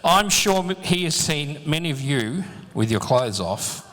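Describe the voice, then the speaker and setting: A man's voice: a little high, lively intonation, unhurried, a bit bright, a little hiss or hum. A man hosting a live event as emcee on a handheld mic, chatty and joking with the performers and audience. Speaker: master of ceremonies. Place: large function hall with audience. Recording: long hall reverb, faint crowd.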